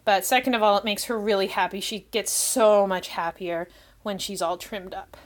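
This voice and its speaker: A woman's voice: mid-range voice, steady tone, normal speed. A woman hosting a casual livestream, chatting with viewers and cooing baby talk at her cats.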